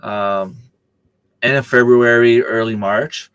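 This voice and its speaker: A man's voice: mid-range voice, steady tone, slow, fairly bright tone, clean tone, no room sound. A man hosting a casual livestream, rambling along and answering viewers' chat comments with plenty of ums and uhs. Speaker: livestream host.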